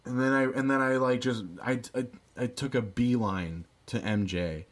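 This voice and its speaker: A man's voice: mid-range voice, fairly even intonation, moderate pace. Rambling, swearing male podcast co-host. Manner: rambling, profane, lots of fillers and restarts; incredulous, laughing retelling. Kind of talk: casual storytelling chat.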